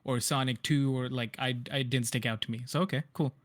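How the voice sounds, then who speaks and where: A man's voice: mid-range voice, fairly even intonation, a little fast, fairly bright tone, dry recording. A man hosting a casual podcast, talking with hesitant ums and restarts. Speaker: podcast host.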